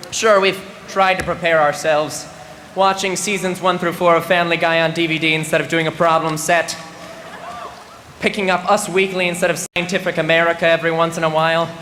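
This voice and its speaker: A young man in his twenties with a high, bright, forceful voice gives a comic speech as a graduating student. Crowd laughter punctuates his mock-serious timing, and the large venue sounds reverberant, with faint noise in the background.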